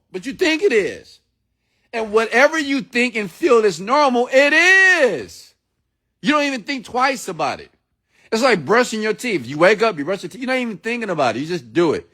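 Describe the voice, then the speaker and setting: A man delivers a motivational message in a sermon-like style, pitched noticeably high for a man. He talks bluntly, swears without hesitation, and fires questions straight at his listeners. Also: pushed and bright. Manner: blunt and preachy, repeats himself for emphasis, swears freely; addresses listeners directly with questions. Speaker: motivational speaker.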